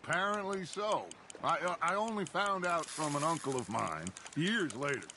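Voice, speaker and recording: An actor playing a charismatic middle-aged outlaw gang leader who talks in a smooth, reflective, persuasive way. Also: male voice, fairly high pitch, expressive, normal speed, a little hiss or hum. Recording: game audio over loud lapping water.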